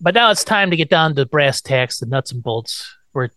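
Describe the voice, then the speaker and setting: A man's voice: a little high, lively intonation, normal speed, pushed and bright, no echo. A man casually recapping a TV episode, acting out quotes in silly voices. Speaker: podcast host recapping an episode.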